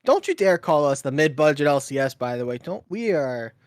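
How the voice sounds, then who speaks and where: A man casting an esports match, easygoing, laughing often and filling pauses with ums. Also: on the high side, lively intonation, no room sound, clean studio sound. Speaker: esports caster. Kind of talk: play-by-play commentary.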